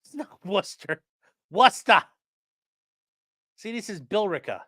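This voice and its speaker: Reading a document aloud on his casual live stream, a man rambles to chat, swearing and tossing off crude jokes. He speaks at a normal speed in a medium-pitched, slightly bright voice that's quite expressive.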